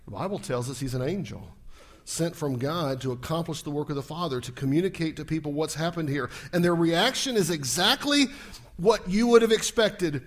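A man's voice: a little high, normal speed. A male pastor preaching a sermon, telling the story vividly, acting out scenes and checking in with the congregation through rhetorical questions. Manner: acts out scenes, shouting at peaks.

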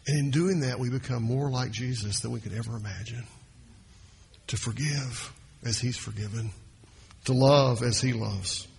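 A man preaching a sermon as pastor, swinging his pitch and loudness and slowing down to stress points. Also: creaky, breathy edge.

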